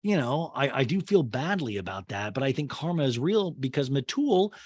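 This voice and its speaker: A man's voice: medium pitch, very animated, moderate pace, breathy edge, dry recording. A man recaps an episode as podcast host, rambling with plenty of filler words. His delivery swings up and down with animation, and the recording is dry and close.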